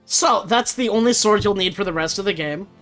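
A man's voice: high-pitched, a little fast, fairly bright tone, faint music behind. Casual man explaining a game to a friend. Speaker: gaming video co-host guiding the playthrough. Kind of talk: casual let's-play chat explaining the game.

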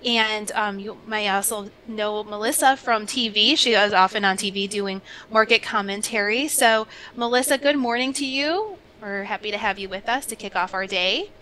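A woman's voice: mid-range voice, normal speed, few pauses, bright, forceful tone, a little hiss or hum. A woman hosting a webinar over a video call, politely welcoming her guest. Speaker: webinar host.

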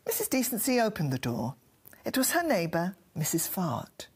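Breathy woman reading a naughty storybook. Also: lowish voice, huge pitch swings, moderate pace, darkish tone. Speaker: comic storyteller. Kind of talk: reading a crude comic story.

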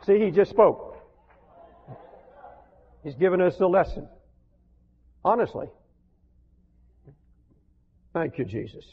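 Impassioned older preacher, tinny hall recording. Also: male voice, sits high, lively intonation, takes it slowly, long pauses, breathy edge. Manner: impassioned, rising to emphatic declarations, reads scripture in old-fashioned wording. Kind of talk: sermon. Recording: tinny phone-like archival recording with long hall reverb.

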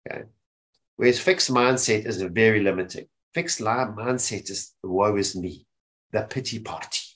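A man's voice: fairly low pitch, moderate pace, a bit bright. Man presenting a webinar. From South Africa. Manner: repeats "okay?" often to check in with listeners. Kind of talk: informal talk on mental health. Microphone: webinar microphone.

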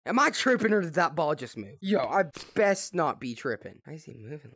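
A man's voice: fairly high pitch, big pitch swings, a little fast, few pauses, fairly bright tone, slightly rough. A young man playing a VR game, chatting casually through his headset mic, jumpy and full of slang. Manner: jumpy, screams when scared, slangy. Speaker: gaming YouTuber. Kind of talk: casual gameplay commentary.

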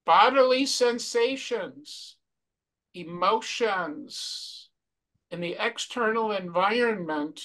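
A man presenting a mindfulness workshop from slides, speaking slowly and reflectively and repeating key phrases. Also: high voice, bright, forceful tone. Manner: slow, repetitive, reflective delivery.

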